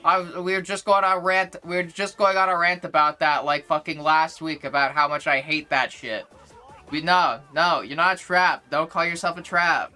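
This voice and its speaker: A woman's voice: low voice, steady tone, normal speed, pushed and bright, soft background music. A young woman streamer ranting in a rambling, profane, exasperated way as she chats and reads her chat. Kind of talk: casual livestream rant, reading chat.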